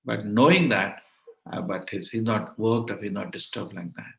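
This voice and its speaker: A man teaches a devotional scripture class over an online call, speaking emphatically and repeating phrases for stress. His fairly low voice has vocal fry and a moderate pace, and the recording has a roomy echo with the high frequencies cut off.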